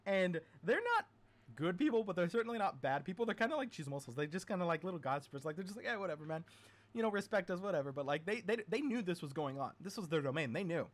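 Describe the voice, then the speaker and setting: A man hosting a storytelling podcast, retelling a myth in a chatty, rambling way full of animated asides. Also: high-pitched, quick pace.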